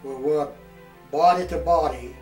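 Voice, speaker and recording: A man in his eighties from New Hampshire, a war veteran telling his story in a plain, halting way with restarts. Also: on the high side, a little mellow, soft background music. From New Hampshire, USA. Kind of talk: oral history recollection. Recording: echoey room, mic far off, some noise.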